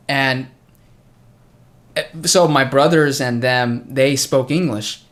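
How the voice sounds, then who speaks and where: A young man from the United States, an English teacher hosting a casual chat with a friend, telling stories and acting out the dialogue. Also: mid-range voice. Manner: animated storyteller, acts out quoted dialogue.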